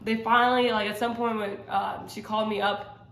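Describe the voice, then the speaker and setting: A woman's voice: medium pitch, level tone, normal speed, a bit bright. A woman sharing a personal faith testimony in casual, earnest talk, rambling with many fillers and restarts. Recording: roomy echo.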